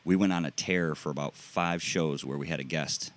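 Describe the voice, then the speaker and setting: A man hosting a casual podcast chat, easygoing and quick to laugh. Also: a bass voice. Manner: relaxed, easygoing, laughs often. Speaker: podcast host.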